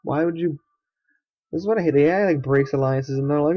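A man's voice: a little high, fast, dry recording, muffled recording. Sarcastic young man muttering over a game. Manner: sarcastic, swears, mutters to himself. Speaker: gaming let's player. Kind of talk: casual gameplay commentary.

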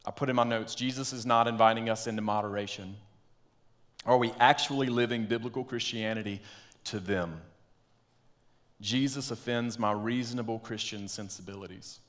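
A pastor delivers a sermon in a fairly low voice. He tells stories and sinks into quiet, earnest asides. His pitch sits below most men's. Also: fairly even intonation, normal speed. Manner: storytelling, drops to quiet earnest tones.

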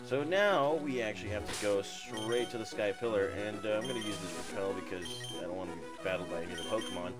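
A man's voice: on the low side, fast talker, few pauses. A man giving casual, offhand walkthrough commentary on a video game, joking and trailing off into mumbles. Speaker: gameplay commentator. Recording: video game music underneath. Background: game music.

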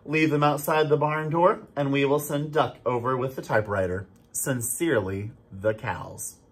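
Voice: medium pitch, fairly even intonation, moderate pace, breathy edge, natural voice. A storybook reader voicing farm cows reading out a polite, formal letter. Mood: prim.

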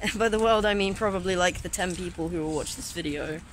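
A man's voice: high voice, quick pace, fairly bright tone. Upbeat young man vlogging outdoors. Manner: upbeat, rambling, filler-heavy. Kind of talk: casual vlog chat. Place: outdoors by a seafront at night. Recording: noisy outdoor phone recording with passing traffic.

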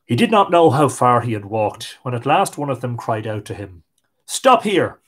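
An Irish man hosting a live stream, reading old fairy tales aloud in a lilting, expressive way. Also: mid-range voice, normal speed. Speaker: host and storyteller.

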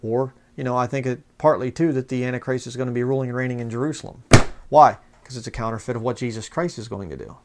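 A man's voice: medium pitch, fairly even intonation, quick pace, a little hiss or hum. A man talking passionately in a fired-up preaching manner, reading quotes aloud from books and mocking opposing views. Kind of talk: fiery religious commentary video.

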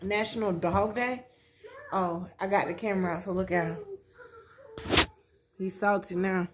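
A woman's voice: medium pitch, steady tone, a little slow, very noisy. A tired woman vlogging at home on her phone camera, chatting casually and teasing her dog with playful exclamations. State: tired after work. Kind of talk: casual vlog chat at home. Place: home, indoors.

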